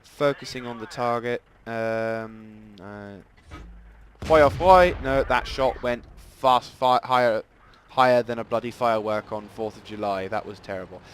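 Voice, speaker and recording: A man giving rambling, self-deprecating live commentary over a tank game, with sudden excited outbursts. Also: fairly low pitch, moderate pace, slight background noise. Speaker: gameplay commentator. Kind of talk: casual live gameplay commentary.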